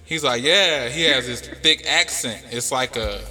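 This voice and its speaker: A man's voice: medium pitch, normal speed, pushed and bright, big-room sound. A man hosting a podcast, telling a story in a casual, rambling way with plenty of fillers. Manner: laid-back, rambling with many fillers. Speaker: podcast host.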